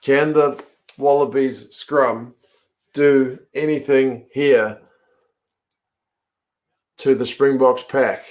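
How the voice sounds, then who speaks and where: A man hosts a live-stream watch-along from his home, reacting to a tense rugby finish. He talks at an unhurried pace in a mid-pitched voice, breaking into excited outbursts and chatting with his viewers between calls. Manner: excitable, yells at the screen, chats with viewers. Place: home, in front of a TV.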